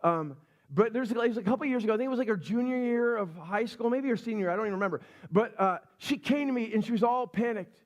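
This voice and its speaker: High-voiced middle-aged male pastor. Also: fast talker. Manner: animated, chatty storyteller acting out the people in his stories. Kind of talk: sermon storytelling. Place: church sanctuary.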